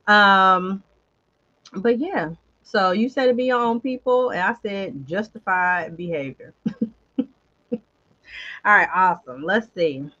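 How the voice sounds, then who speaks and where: A woman hosting a casual chat show, animated and chatty, talking straight to her viewers. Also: lowish voice, dull audio. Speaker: host.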